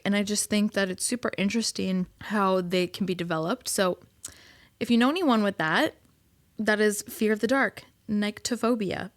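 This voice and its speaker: A woman chats through a casual solo podcast, giggling often and leaning on fillers. Her voice sits at a middle pitch. It is recorded close and dry, with no room sound. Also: no room sound. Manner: chatty, giggly, full of fillers. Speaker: podcast host.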